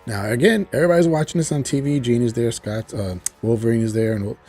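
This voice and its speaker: A man's voice: mid-range voice, fast talker, darkish tone, faint music behind. Laid-back man recapping a TV episode. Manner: laid-back, chuckling, loosely paraphrasing dialogue. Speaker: TV show reviewer.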